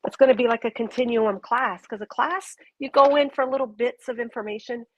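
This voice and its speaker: A woman's voice: a little high, steady tone, a little fast, no echo, lo-fi sound. A woman giving a live intuitive reading to a viewer, earnest and gushing, rambling through restarts. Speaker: intuitive reader.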